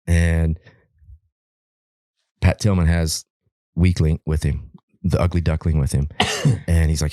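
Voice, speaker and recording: A man from Alaska with an extremely deep, dark and mellow voice tells a long story on a podcast. He rambles, swears freely and keeps restarting his sentences. The recording is dry and close. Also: little pitch movement, slow, pauses often, no room sound. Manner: rambling, profane, repeats words and restarts often. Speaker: podcast guest, wildland firefighter.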